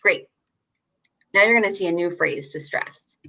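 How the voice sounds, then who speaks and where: A young adult woman facilitating an online teacher workshop over a video call, encouraging and animated as she rereads lines with emphasis. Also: on the low side, moderate pace, vocal fry.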